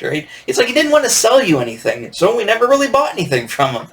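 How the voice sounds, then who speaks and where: A man's voice: sits high, huge pitch swings, fast, few pauses, fairly bright tone. A man in his fifties from Michigan, hosting a podcast in a rambling, digressive monologue full of fillers. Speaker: podcast host. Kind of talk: casual nostalgic monologue.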